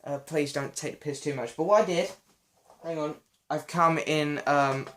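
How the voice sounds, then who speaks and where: Young man, hoarse chatty vlogger. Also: on the high side, fairly even intonation, moderate pace, fairly bright tone. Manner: chatty, self-deprecating, often apologetic. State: voice going hoarse. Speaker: channel host answering viewer questions. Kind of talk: casual Q&A vlog.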